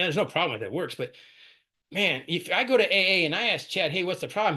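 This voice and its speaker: Middle-aged guy spilling his story quick, bright forceful voice, keeps going "right?". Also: a little high. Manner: storytelling, candid, frequent "right?" asides. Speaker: speaker sharing recovery story. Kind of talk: recorded twelve-step share.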